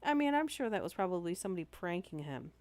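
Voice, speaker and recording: A woman's voice: fairly low pitch, big pitch swings, fast, darkish tone. A young Canadian woman with a slightly nasal voice, reading scary stories aloud on a stream with chatty asides and small stumbles. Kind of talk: casual story reading on a live stream.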